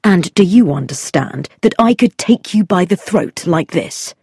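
A woman's voice: fairly low pitch, expressive, a little slow, darkish tone, husky, no echo, heavily acted. A woman doing a stern, brooding storybook man. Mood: menacing. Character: stern, brooding grown man, quick to anger. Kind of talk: storybook character voice.

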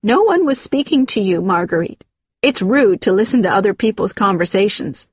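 A woman voicing an upset, jealous woman who pleads through tears and then turns cold and sharp. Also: medium pitch, lively intonation, normal speed, husky, dry recording, studio quality. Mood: cold scolding. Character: upset jealous woman, fiancée, shrill and tearful.

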